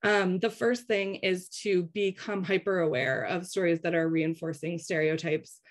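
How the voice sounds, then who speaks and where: A woman's voice: on the low side, fairly even intonation, normal speed, hardly any pauses. A woman giving a slide-based webinar presentation in a conversational way, often checking in with the audience. She is losing her voice.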